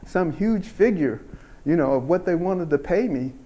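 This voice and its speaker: Older man, keynote storyteller, unhurried earnest delivery, slightly high-pitched. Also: expressive, warm tone, lo-fi sound. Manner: unhurried, earnest storyteller who laughs at his own tale. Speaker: keynote speaker.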